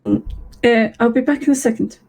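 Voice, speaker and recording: A woman's voice: on the high side, fairly even intonation, moderate pace, darkish tone, poor audio. A woman role-playing in a video game, playful and giggly.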